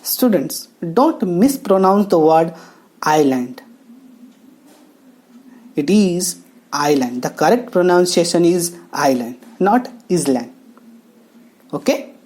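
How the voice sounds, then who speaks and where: A woman teaching English grammar, talking slowly and explaining each step with pauses. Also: lowish voice, big pitch swings, darkish tone. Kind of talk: classroom lesson narration. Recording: faint background music.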